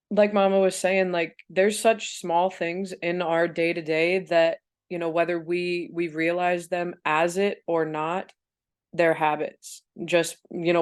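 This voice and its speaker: A woman's voice: fairly low pitch, clean tone. A young woman with a stuffy nose, chatting casually and thinking aloud in an online book club discussion. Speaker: book club team member.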